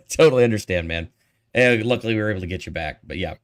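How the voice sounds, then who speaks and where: A man with a fairly low voice speaks as a guest on a video call. He talks casually but leans hard on his points, sounding exasperated. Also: animated, quick pace. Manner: emphatic, exasperated opinions. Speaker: podcast guest. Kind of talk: casual chat.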